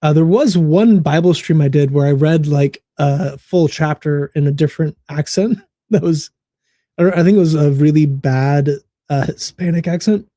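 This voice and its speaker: An American man with a dark, mellow voice that sits a little higher than most men's, chatting at ease on a podcast. He rambles through stories full of fillers and quick laughs. The sound is dry and close to the mic. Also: no room sound. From United States. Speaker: co-host. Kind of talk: casual podcast chat.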